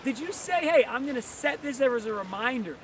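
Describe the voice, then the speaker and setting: Brief: high-pitched male pastor, lively beach sermon, distant mic, loud surf behind. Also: a little fast, slight background noise. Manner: energetic, asks many rhetorical questions. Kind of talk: outdoor sermon. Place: outdoors on a beach.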